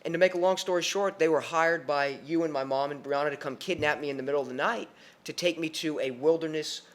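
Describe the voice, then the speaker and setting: Animated young man telling his story. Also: fairly high pitch, fast. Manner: animated, with many restarts and repeated words. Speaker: podcast guest and storyteller. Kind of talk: personal storytelling on a podcast.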